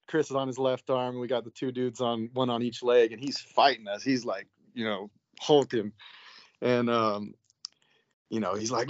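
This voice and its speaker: A man's voice: mid-range voice, fairly even intonation, moderate pace, no echo. A man, a psychiatric nurse being interviewed, telling a story in a loose, casual way, filling his talk with "like" and "you know". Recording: dull, dry, lo-fi sound.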